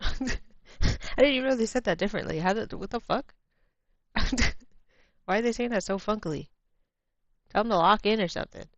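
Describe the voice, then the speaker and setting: An American woman chatting casually on a livestream while drawing, laughing easily, swearing bluntly, and sometimes dropping to a quiet mutter as she works. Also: medium pitch, brisk, long pauses, dry recording. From United States. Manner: drifts to quiet murmurs while working. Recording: muffled lo-fi stream audio.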